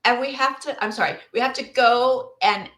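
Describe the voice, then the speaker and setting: Woman cohost pep-talking on a podcast, bright kinda high voice, roomy echo. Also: normal speed. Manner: emphatic, coaching tone. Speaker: co-host. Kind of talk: casual podcast chat giving business advice.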